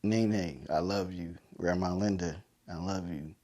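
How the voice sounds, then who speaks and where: Choked-up new guy, lowish voice, heartfelt rambling podcast story. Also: fairly even intonation, unhurried, mellow, muffled recording. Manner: heartfelt, repetitive, lots of fillers. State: choked up, emotional. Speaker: podcast host. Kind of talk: emotional personal storytelling.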